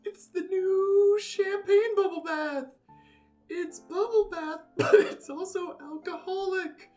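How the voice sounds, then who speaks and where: A man voicing a bubbly woman in a parody commercial, giggling in a breathy falsetto. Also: slow pace, a little mellow, recorded from a distance, faint music behind. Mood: giddy. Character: bubbly woman hosting a bath product ad. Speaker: ad presenter.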